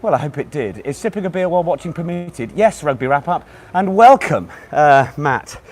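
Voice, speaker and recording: Breathless, hoarse quiz host. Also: male voice, a little high, lively intonation, moderate pace, a little mellow, a little hiss or hum. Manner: chatty, greets viewers and reads out their messages. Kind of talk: live-streamed quiz banter.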